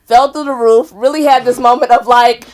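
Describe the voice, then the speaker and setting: A young woman doing stand-up at an open mic on a comedy club stage, telling a story with a giggly, animated delivery and loud acted-out voices. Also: on the high side, moderate pace.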